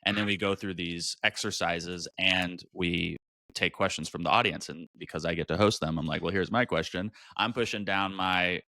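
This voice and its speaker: A man in a candid interview, telling stories with lively energy and swinging up into high, exaggerated tones when he quotes himself or others. His speaking voice sits low, and the recording is dry with no room sound. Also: normal speed, no room sound. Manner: animated, expressive, jumps into high pitch for quoted voices. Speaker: guest, mental health advocate.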